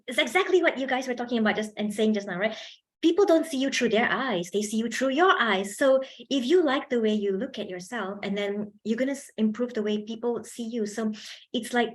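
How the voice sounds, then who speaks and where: A woman leading a university workshop on public speaking, talking into a handheld mic with lively energy and frequent laughs. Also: on the high side. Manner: animated, laughs often, chatty fillers. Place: university event hall.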